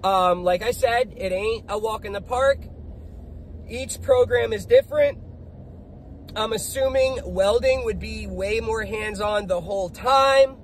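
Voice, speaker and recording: A man's voice: high-pitched, a little slow, slight background noise, low-quality recording. A man who is a generator technician and small business owner, talking in a blunt, profane, upbeat vlog between jobs. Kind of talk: casual motivational vlog.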